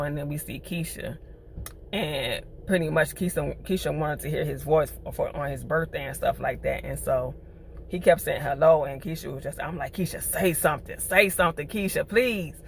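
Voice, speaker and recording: A woman recapping a TV episode in a chatty, animated way, full of slang. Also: low-pitched, creaky, a little hiss or hum. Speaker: TV show reviewer.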